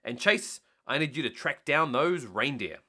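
A man voicing a calm, confident boy who leads a rescue team, giving orders. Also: mid-range voice, normal speed. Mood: commanding.

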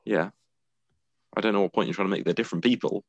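A man's voice: on the low side, quick pace, no room sound, highs cut off. A man from the United Kingdom co-hosting a podcast in casual chat, tired and matter-of-fact, teasing his co-host.

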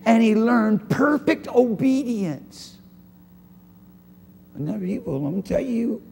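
A man pastor preaching a live church sermon with passion, swinging from soft talk to shouting and repeating his phrases. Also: high voice. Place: church sanctuary. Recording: church hall reverb, faint room noise.

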